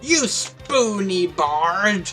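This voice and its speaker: A woman voicing a furious old man, a grieving father who shouts harshly. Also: medium pitch, sing-song, very slow, soft background music, pitched above the performer's own voice, heavily acted. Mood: enraged.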